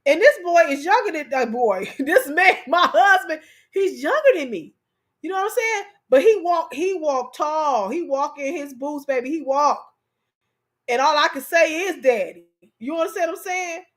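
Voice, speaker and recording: A woman co-hosts a casual chat, telling stories with animation, repeating phrases for emphasis, and addressing her audience directly. Her voice is high and expressive, at normal speed.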